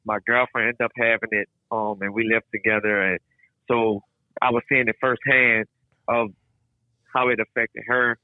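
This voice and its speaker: A man's voice: medium pitch, little pitch movement, moderate pace, dry recording. A man with a New Orleans accent, a flag football player who is a guest on a podcast and answers in an easygoing, plain-spoken way. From New Orleans, United States. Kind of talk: casual interview answers. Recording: tinny, dry phone line.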